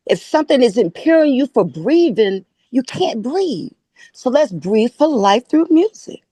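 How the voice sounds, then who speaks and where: A woman guest with a Chicago accent, telling a lively story and acting out the quoted dialogue. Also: a little high, a little slow, dry recording. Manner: animated, acts out quoted dialogue. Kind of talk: casual storytelling.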